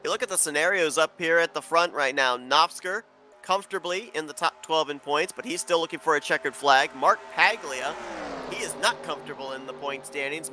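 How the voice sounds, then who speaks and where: A man calls play-by-play on an online sim race, steady and informative, his excitement building as the racing gets close. His voice sits fairly high.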